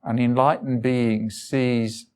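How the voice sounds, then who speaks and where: A man's voice: mid-range voice, little pitch movement, takes it slowly, clear, resonant tone. A man giving an informal talk, telling personal stories in loose, conversational phrasing and chuckling often. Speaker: guest speaker.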